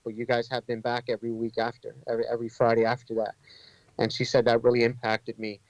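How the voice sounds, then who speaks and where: A man's voice: mid-range voice, monotone, fast talker, a little mellow, no echo, highs cut off. A man who leads an inner-city ministry, a guest on a podcast, telling stories in an earnest, conversational way with many fillers and restarts. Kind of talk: storytelling in a casual interview.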